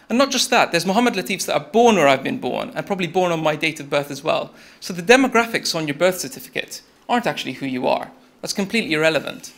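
A man's voice: a little high, a bit bright. A young man giving a TED-style talk, telling a story in a conversational way and speaking to the audience directly.

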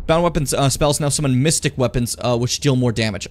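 A man's voice: medium pitch, fairly quick. A man streaming a fantasy role-playing game, chatting and joking with his viewers as he plays. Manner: animated, joking, talks to chat. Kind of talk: casual gameplay commentary.

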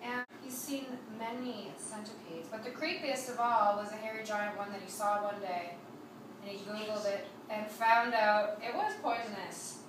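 A woman's voice: mid-range voice, steady tone, normal speed. A woman co-hosting a vlog, chatting casually and reading viewer comments aloud. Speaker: vlog co-host. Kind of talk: casual chat. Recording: echoey room, camera at a distance, noisy.

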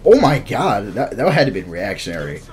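A young man giving live commentary over his fighting-game matches, casual and self-critical, muttering under his breath and then yelling out at big moments. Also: lowish voice, sing-song, normal speed. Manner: reactive, swings from muttering to sudden shouts. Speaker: gameplay commentator.

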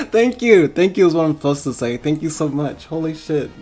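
A man's voice: on the high side, lively intonation, a little fast, darkish tone, soft background music. A male streamer on a live stream, overwhelmed and tearing up, thanking viewers with constant swearing and stammered thanks.

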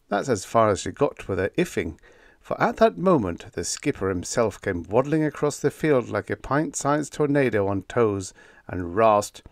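Male audiobook narrator, animated wisecracking delivery, close dry recording. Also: lowish voice, normal speed, gravelly, no room sound. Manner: wisecracking first-person storyteller. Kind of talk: scripted narration of a humorous pulp story.

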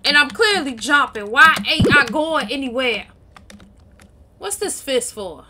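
A woman with a very high, bouncing voice calls out her game at full volume, loud and excitable. She talks into a headset at home. Keyboard clicks and typing run clearly behind her. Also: unhurried, noisy background. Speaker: gaming channel co-host. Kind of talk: casual gameplay commentary. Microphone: gaming headset.

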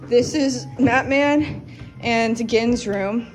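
A woman's voice: a little high, very slow, faint music behind. A woman giving a casual, upbeat walking tour through an old castle, a little scattered. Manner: chatty, upbeat, a bit scattered. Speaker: vlogger giving a house tour. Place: old stone castle, indoors and on the roof.

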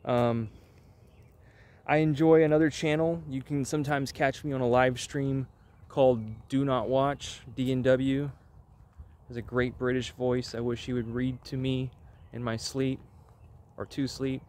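A man's voice: medium pitch, level tone, unhurried, a little mellow. A man hosting his own channel in a casual, rambling vlog chat with wry, offhand asides. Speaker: channel host.

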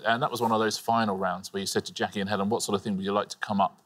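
A man co-hosting a quiz show, chatting trivia in a relaxed, wry way. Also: lowish voice, very fast. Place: TV studio.

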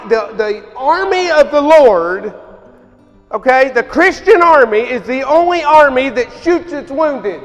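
A man's voice: extremely high pitch, a bit bright. A man, preaching a sermon in a folksy, emphatic way. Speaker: pastor. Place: church hall. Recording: hall reverb with faint music.

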